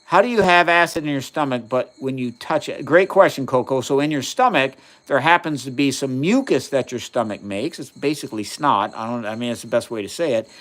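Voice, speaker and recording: A man's voice: mid-range voice, animated, fairly quick, hardly any pauses, a bit bright. A man in his fifties hosting a casual livestream, doing chemistry experiments and answering viewers' questions with enthusiasm. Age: 50s. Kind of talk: casual live-stream chat while doing experiments.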